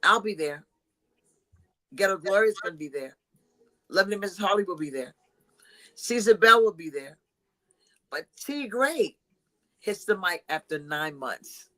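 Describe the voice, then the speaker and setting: Woman host, comedy chat; bright, sharp tone, loud, laughing, playfully crude. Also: on the low side, normal speed, long pauses, low-quality recording. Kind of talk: casual raunchy comedy chat.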